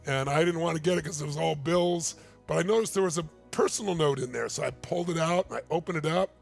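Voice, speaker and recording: A man's voice: on the high side, fast talker, faint music behind. A man in his sixties, a motivational speaker telling a story in a keynote talk, emphatic and building to urgent appeals. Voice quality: gravelly.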